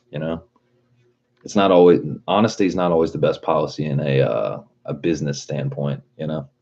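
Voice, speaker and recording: A man with an extremely deep, husky voice rants on a casual livestream, rambling and swearing freely with plenty of "like." The audio is dull and lo-fi. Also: a little mellow. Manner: profane, rambling, lots of "like". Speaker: livestreamer reading chat.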